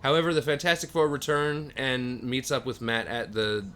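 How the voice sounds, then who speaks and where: A man's voice: medium pitch, steady tone, normal speed, fairly bright tone, a little hiss or hum. A man co-hosting a podcast, casually recapping comic book plots at length with dry jokes. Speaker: podcast co-host.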